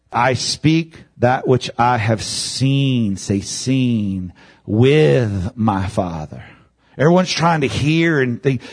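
A man preaching a sermon, dropping low then rising into loud, high shouts. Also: gravelly, slightly rough.

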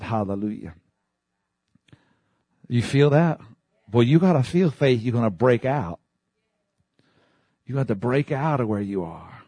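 A man's voice: lowish voice, darkish tone, husky, dry recording. Fervent preacher man, dry close sound. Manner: fervent, emphatic preaching with repeated phrases. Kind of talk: sermon.

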